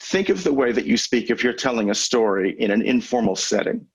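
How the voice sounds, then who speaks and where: Husky-voiced man teaching a webinar. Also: medium pitch, big pitch swings, rough recording. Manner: measured, conversational teaching with deliberate pauses. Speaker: public speaking coach for lawyers. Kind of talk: webinar lecture. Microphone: video call microphone.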